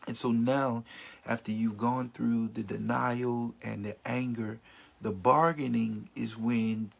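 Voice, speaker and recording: A man's voice: mid-range voice, steady tone, takes it slowly, creaky. A man teaching about grief in an informal, earnest way, sometimes acting out the words of people in mourning. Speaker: grief counselor.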